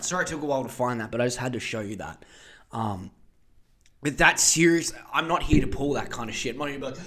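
A man in his twenties with an Australian accent, hosting a podcast in a profane, animated comedic rant. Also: medium pitch, fast talker. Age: 20s. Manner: profane, animated, mock voices for others. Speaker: podcast host.

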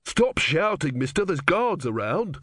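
Brief: male reader as a rough-edged workman, blunt and eager, dry studio. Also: on the high side, big pitch swings, a little slow, a bit bright, no echo, voice pushed up, exaggerated voice. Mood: anxious.

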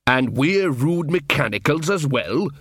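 A man's voice: on the high side, animated, measured pace, fairly bright tone, husky, no room sound, clean studio sound, voice pushed up, heavily acted. A man voicing a plain, puzzled village weaver in an audiobook. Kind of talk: audiobook reading.

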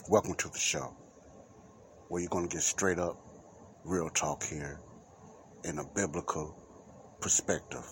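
A man's voice: very deep voice, steady tone, measured pace, pauses often, a bit bright, a little hiss or hum. A man hosting his own Christian talk podcast, talking in a rambling, repetitive, informal preacherly way. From United States. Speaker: podcast host. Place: Chicago area.

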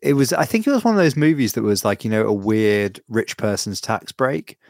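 A man co-hosting a casual podcast chat, rambling and animated, acting out quotes as he tells stories. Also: fairly low pitch, brisk, no room sound. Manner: rambling, animated storyteller who acts out quotes. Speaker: podcast co-host.

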